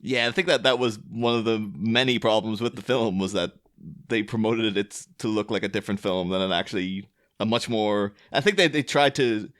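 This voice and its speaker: A man's voice: on the low side, moderate pace, fairly bright tone. A man co-hosting a podcast, talking in a chatty, rambling way full of fillers. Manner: chatty, rambling with many likes. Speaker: podcast co-host. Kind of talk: casual chat.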